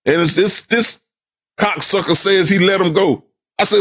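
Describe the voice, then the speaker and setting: A man's voice: high-pitched, normal speed. Stammering older New man telling stories. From Brooklyn, New York. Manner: stammering repeats, animated voices for quoted people. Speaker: guest, host's father. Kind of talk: storytelling in casual conversation.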